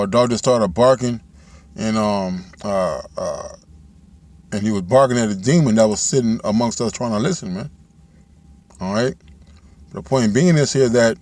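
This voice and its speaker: A man giving informal Bible teaching, talking loosely and reading scripture aloud in a slow, measured way. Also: on the low side, darkish tone. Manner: loose and conversational, ends phrases with "man" and "all right"; reads scripture aloud in slowed, measured cadence.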